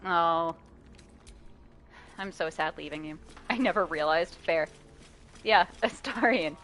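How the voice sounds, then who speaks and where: A woman's voice: on the low side, slow, a bit bright. Chatty woman streaming a game, swearing freely. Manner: chatty, swears, laughs often, reads chat aloud. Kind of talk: casual live-stream chat.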